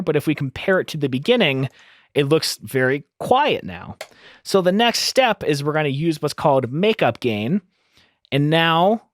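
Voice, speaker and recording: Here a man explains things step by step for a screen-recorded audio tutorial, keeping an upbeat teaching tone. His voice runs a little high, captured on a close studio microphone with no room sound.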